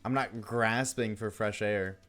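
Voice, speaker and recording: A man's voice: fairly low pitch, steady tone, a little slow, fairly bright tone, soft background music. Tired, yawning male streamer. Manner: rambling, jokey, talks to chat. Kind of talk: casual live-stream chat while gaming.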